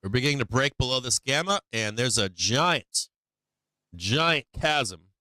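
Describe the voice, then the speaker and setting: A man's voice: medium pitch, lively intonation, a little slow, sharp tone, dry recording. Blunt man hosting a market stream. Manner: blunt, swears, many restarts. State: losing his voice. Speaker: stock market live stream host. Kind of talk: live chart commentary.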